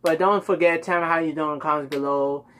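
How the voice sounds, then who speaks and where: A chatty man hosts a casual music reaction video, rambling and talking straight to his audience. His voice sits a little high for a man. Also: steady tone, fast, a bit bright. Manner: chatty, rambling, addresses viewers directly.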